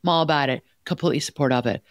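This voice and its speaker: A woman's voice: deep voice, rapid-fire, no echo, clean studio sound. A woman co-hosting an advice podcast as a life coach, talking in an emphatic, direct way and telling stories with animation.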